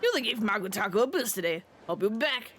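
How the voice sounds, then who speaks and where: A woman's voice: mid-range voice, very animated, quick pace, a bit bright, slight background noise. Woman doing a hearty food stall owner. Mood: grateful. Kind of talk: reading game dialogue aloud on a stream.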